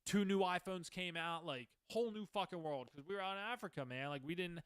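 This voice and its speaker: A man's voice: high-pitched, a little fast, fairly bright tone, clean tone, no room sound. A man in his twenties, a podcast host, telling his own stories in a loose, rambling way, swearing often and restarting his sentences. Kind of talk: casual storytelling monologue.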